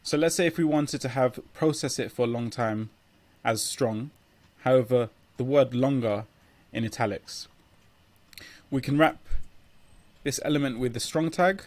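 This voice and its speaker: A man at a middle pitch gives a coding tutorial, recorded close and dry with no room sound. He explains step by step and sometimes restarts a phrase while typing. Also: unhurried, long pauses, a little mellow, dry recording.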